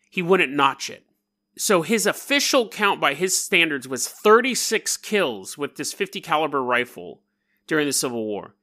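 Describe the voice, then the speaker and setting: A man hosting a casual storytelling podcast, talking in an animated, jokey and digressive way. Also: a little high. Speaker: podcast host.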